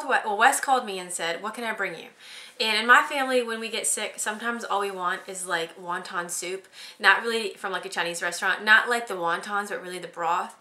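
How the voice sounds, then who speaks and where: A young woman chats away in a relaxed vlog, laughing as she tells her story and leaning on lots of "like" and "um". Her voice is bright and forward. The room around her rings with echo. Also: medium pitch, normal speed. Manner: chatty, giggly storytelling with lots of fillers. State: pregnant. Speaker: vlogger. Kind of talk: casual chat.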